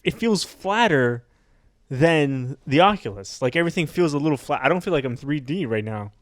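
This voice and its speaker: A man's voice: on the high side, animated, normal speed, no echo, studio quality. A man in his twenties co-hosting a comedy podcast, rambling and laughing easily in casual banter. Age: 20s. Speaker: podcast co-host.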